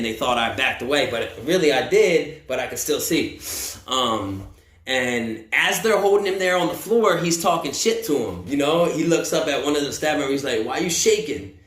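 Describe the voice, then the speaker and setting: Profane storytelling man, roomy echo. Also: a little high. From United States. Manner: profane, animated, acts out quotes. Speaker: vlogger telling a story. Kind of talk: casual storytelling.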